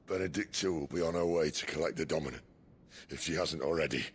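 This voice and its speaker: A man's voice: very deep voice, quick pace, breathy edge. A man voicing a weary, wounded rebel leader in a game cutscene, speaking in a dry, sardonic way. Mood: wry.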